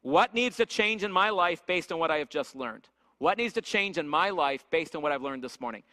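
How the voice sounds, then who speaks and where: A man's voice: on the high side, lively intonation, fairly quick, pushed and bright. A man leading a church leadership workshop, telling stories and asking the audience questions with lots of energy. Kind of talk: church leadership seminar teaching. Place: church hall. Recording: echoey hall with long reverb.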